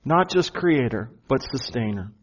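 A man preaching a sermon to his church, earnest, slowing down and stressing key phrases. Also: mid-range voice, lively intonation, muffled recording. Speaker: pastor.

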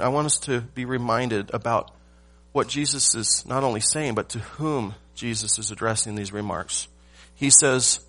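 A man's voice: medium pitch, a bit bright. Man preaching an emphatic sermon. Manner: preaching with emphatic pauses and rhetorical questions. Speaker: pastor.

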